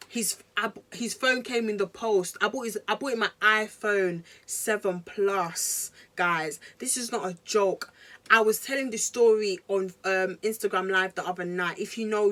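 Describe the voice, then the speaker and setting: A young woman, telling a story to camera in casual slang, animated and talking straight to her viewers. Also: medium pitch. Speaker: vlogger.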